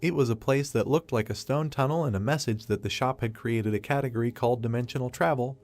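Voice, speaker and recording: A man narrating a story recap from a script, reading at a steady, even pace. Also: mid-range voice, quick pace.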